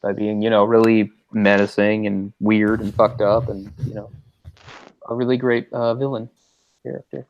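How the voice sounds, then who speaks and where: A man's voice: on the low side, little pitch movement, normal speed, dull audio. A man co-hosting a casual late-night movie commentary, chatty and opinionated. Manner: chatty, mimics characters in quotes. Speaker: commentary co-host.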